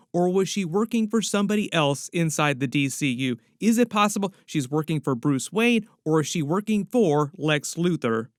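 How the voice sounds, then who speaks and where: A man talks through theories in an easygoing, chatty commentary, often adding "like" as he goes. His voice sits a bit high. The sound is dry and close, with no room echo. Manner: chatty, leans on "like", speculative. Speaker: YouTube pop-culture commentator. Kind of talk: casual video commentary.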